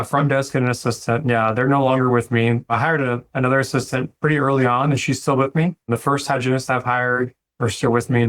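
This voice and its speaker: A man, a dentist talking through running his practice in a relaxed, reflective way and acting out conversations with his staff. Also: medium pitch. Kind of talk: casual interview talk.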